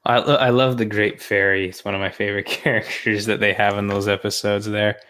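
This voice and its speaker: A man's voice: fairly low pitch, level tone, brisk, a bit bright. A man co-hosting a podcast in casual chat, rambling with many fillers, laughing often. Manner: rambling, laughs often, quotes cartoon lines in put-on voices. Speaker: podcast co-host.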